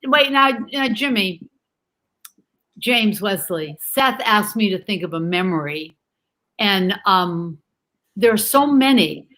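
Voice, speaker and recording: Animated, affectionate woman on a video call. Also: medium pitch, slow pace, long pauses, low-quality recording. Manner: animated and affectionate, calls people dear and love. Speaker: guest on a livestream talk show. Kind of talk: casual video-call chat. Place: home in Canada. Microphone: video call from home.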